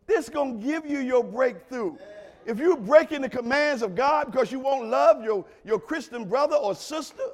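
Man preaching, very animated up and down pitch, shouts then goes quiet, talks right at the crowd. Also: moderate pace. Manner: dramatic swings from loud shouts to quiet murmurs; colloquial, talks straight to the congregation. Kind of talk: sermon.

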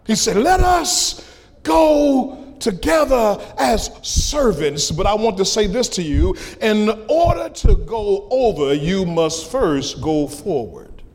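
A man preaching a sermon as a pastor, impassioned, rising into sung cries and dropping to hushed lines. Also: high-pitched, very animated, measured pace, few pauses, long reverb tail.

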